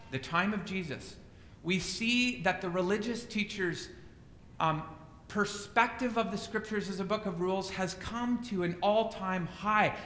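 A man preaches a sermon in an earnest, searching way, his bright voice sitting high. The sound rings through a long, reverberant hall with a faint rumble underneath. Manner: earnest preaching, voice rising sharply when voicing critics. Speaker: pastor.

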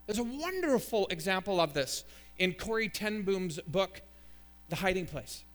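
Man, pastor, sermon, emphatic storyteller, high-pitched voice. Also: animated, measured pace, a bit bright.

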